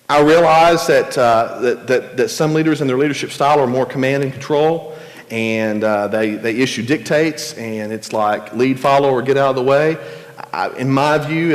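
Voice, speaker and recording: A man's voice: on the high side, big-room sound. A man, a pastor, talking earnestly and conversationally to his congregation, often restarting his words. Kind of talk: church teaching session. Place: church sanctuary.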